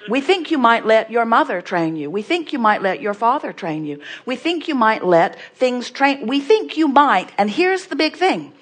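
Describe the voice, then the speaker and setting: A woman's voice: a little high, very animated, normal speed, few pauses. A woman giving an inspirational talk to an audience, emphatic and repetitive, asking rhetorical questions and speaking of herself as "we".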